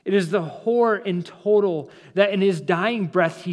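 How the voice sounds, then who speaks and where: A man, a pastor, preaching a sermon with dramatic pauses, slowing down and dropping soft for emphasis, in a church sanctuary. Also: sits high, big-room sound. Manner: dramatic preaching, slows and drops to near-silence for emphasis.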